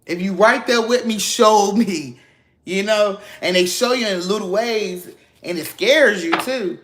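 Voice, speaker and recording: At a measured pace, a male tarot reader whose voice sits high and fairly bright gives his viewers a casual spiritual reading. Calling them "baby" and "y'all," he's emphatic, preachy, and encouraging, with plenty of cursing slang.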